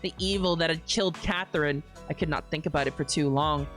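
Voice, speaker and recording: A young adult woman streamer reading narration from a game aloud in a steady, lowish voice. Between passages she breaks into loud, laughing, swearing reactions, with faint game music underneath. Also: a little fast.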